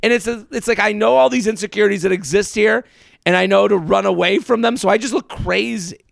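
A man co-hosting a podcast from home, telling animated stories and acting out the people in them. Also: high-pitched, brisk, creaky, no room sound, studio quality. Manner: animated storyteller, acts out quotes. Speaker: podcast co-host. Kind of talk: casual chat. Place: parents' pool house. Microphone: remote recording.

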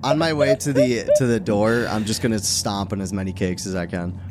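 A man's voice: fairly low pitch, animated, fairly quick, noisy background. A man playing a tabletop game, blunt and brash. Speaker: player. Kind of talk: casual tabletop play.

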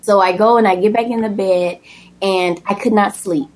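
A young woman talks casually and at length, telling a personal story in a chatty, animated way. She slips into a higher voice to act out what people said. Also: normal speed. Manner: chatty and animated, acts out quoted lines in a high voice. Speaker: guest telling her birth story.

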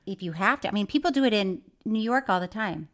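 A woman's voice: medium pitch, expressive, fast talker, a bit bright. A woman co-hosting a podcast in casual chat, giggling often and teasing with playful skepticism. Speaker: podcast co-host.

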